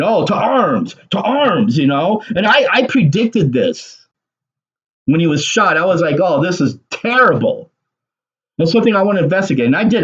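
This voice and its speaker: A man's voice: sits high, husky, lo-fi sound. A man giving a ranting solo political commentary, sarcastic and agitated, swearing and laughing bitterly.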